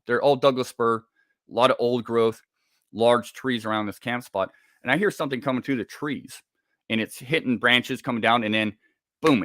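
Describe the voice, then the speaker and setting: A middle-aged man from Scotland telling a personal story in a halting, casual way, repeating words as the tension builds. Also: medium pitch, bright, forceful tone, dry recording, studio quality. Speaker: guest telling an encounter story.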